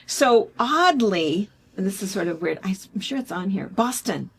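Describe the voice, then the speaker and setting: Gravelly-voiced chatty middle-aged woman. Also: mid-range voice, animated, moderate pace, a little hiss or hum. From United States. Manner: rambling, chatty, with frequent fillers. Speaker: show host. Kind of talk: casual chat.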